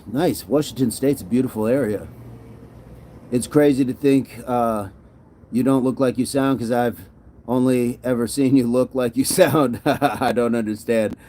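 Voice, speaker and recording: Male fitness streamer, mid-pitched with a warm, mellow tone, casual and encouraging while he talks with his chat. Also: unhurried. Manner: reads viewer comments aloud and answers them warmly; encouraging and upbeat. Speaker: fitness livestream host.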